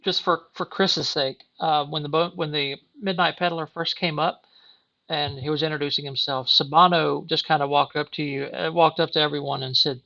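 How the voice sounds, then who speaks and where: A woman's voice: deep voice, fairly even intonation, moderate pace, a bit bright, muffled recording. A woman running a tabletop game as game master, narrating in a chatty way with many restarts. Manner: chatty, with frequent restarts and laughs.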